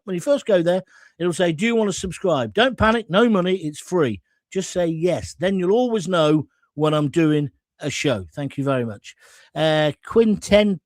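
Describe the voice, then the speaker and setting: A blunt man hosts a live stream, reading viewer comments aloud and firing back jokes and jabs. His voice sits high and swings widely in pitch. The sound is close and dry. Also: dry recording. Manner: blunt, combative and jokey. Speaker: host.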